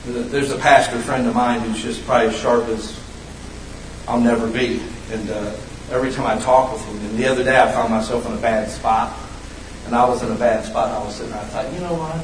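Animated man preaching in an echoey hall. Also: fairly quick, a little hiss or hum. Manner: animated, swings from loud high bursts to low hushed lines. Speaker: pastor. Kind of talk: sermon. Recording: roomy echo, mic at a distance.

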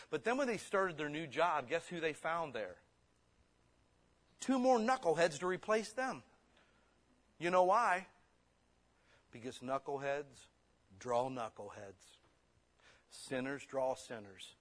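A man preaching a sermon, blunt and forceful, slipping into quick mimicked excuses. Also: medium pitch.

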